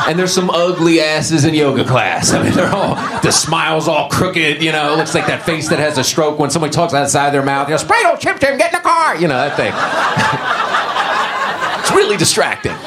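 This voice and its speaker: Animated stand-up comic man, noisy recording. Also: normal speed. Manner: animated storytelling, jumps into high-pitched character voices. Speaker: stand-up comedian. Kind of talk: stand-up routine.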